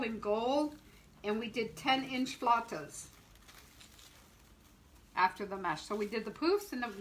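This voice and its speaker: A middle-aged woman shop owner leads a casual live wreath-making demo, chatting and laughing as she greets viewers by name. Her voice is bright and sits a little high. A faint hum of the room runs underneath. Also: poor audio.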